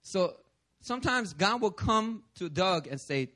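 A man preaching a sermon, animated, acting out voices and laughing often. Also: a little high, moderate pace. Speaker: pastor.

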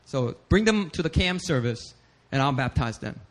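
A man voicing an older male senior pastor who briskly refuses a request. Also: medium pitch, lively intonation, pitched below the performer's own voice, natural voice. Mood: dismissive.

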